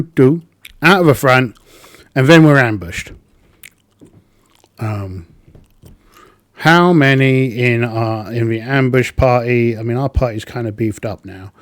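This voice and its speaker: Guy rambling through a solo tabletop game, slow and unhurried, dry close sound. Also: mid-range voice, no echo. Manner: rambling, thinking aloud with many ums.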